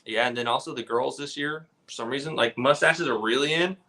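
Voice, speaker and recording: Bright-voiced young guy rambling. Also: medium pitch, brisk. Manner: rambling storyteller, says "like" a lot. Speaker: podcast guest. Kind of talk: casual chat.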